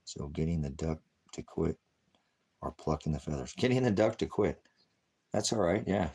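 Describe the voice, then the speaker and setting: A man's voice: very deep voice, animated, normal speed, mellow, husky. A man hosting a rambling livestream, cracking jokes, swearing freely and urging viewers to act. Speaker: livestream host. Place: high desert home.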